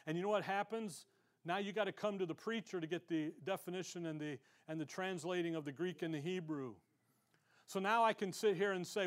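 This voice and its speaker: High-voiced guy preaching, chatty sermon, does little voices for people he quotes. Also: a little fast. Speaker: pastor.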